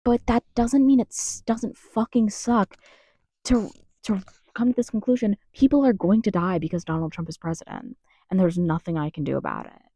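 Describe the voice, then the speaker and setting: Recorded in her closet, this young woman from the United States vents furiously for her vlog, cursing and repeatedly starting over mid-sentence. She speaks at a normal pace in a warm, mid-range voice, and the studio-clean audio carries no echo.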